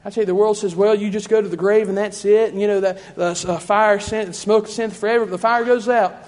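A man's voice: sits high, steady tone, brisk, darkish tone, long reverb tail. A man preaching a sermon in a church, fervent and repetitive in his cadence.

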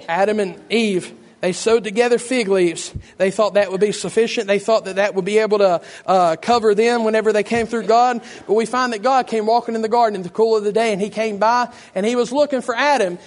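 Hoarse preacher guy, high voice, fervent, gets loud and shouty. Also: steady tone, brisk, few pauses. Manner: fervent, repeats "Lord" in prayer, builds to shouting. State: hoarse, losing his voice. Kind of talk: sermon.

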